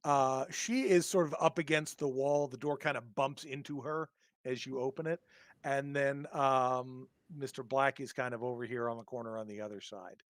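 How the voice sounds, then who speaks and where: A man's voice: medium pitch, steady tone, dry recording. A man narrates a tabletop horror game as its game master. He sits right on a dry, close mic and stumbles through his descriptions with frequent ums and restarts. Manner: halting, lots of ums and restarts.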